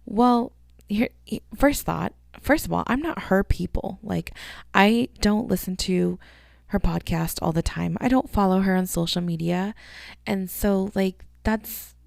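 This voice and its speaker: A woman's voice: medium pitch, measured pace, vocal fry, a little mellow, no echo, clean studio sound. A woman in her thirties hosting a casual solo podcast, rambling and chatty, swearing freely. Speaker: podcast host.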